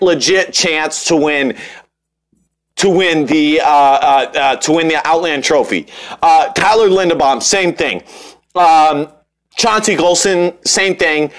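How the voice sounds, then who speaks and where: A man's voice: high voice, fairly bright tone. A young man hosting a casual sports podcast, rambling and joking with lots of restarts and fillers. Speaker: podcast host.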